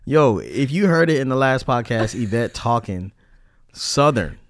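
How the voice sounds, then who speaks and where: A man co-hosting a casual couples podcast, relaxed and teasing, often restarting his sentences. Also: medium pitch, measured pace, no echo, studio quality. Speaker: podcast co-host. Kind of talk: casual chat.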